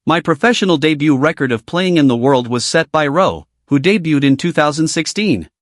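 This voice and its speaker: A man voicing an upbeat teenage football prodigy in a storybook recap, lifted a little in pitch and bouncing up and down as he speaks. The delivery stays plain and read-aloud. The sound is close and dry. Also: expressive, normal speed, no echo, lightly acted.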